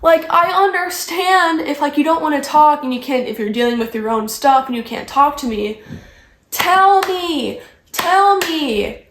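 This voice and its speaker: High-voiced young woman rambling a story. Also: steady tone, moderate pace, hardly any pauses, slight background noise. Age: young adult. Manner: rambling, heavy use of "like". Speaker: vlogger. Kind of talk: casual storytime chat. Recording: echoey room.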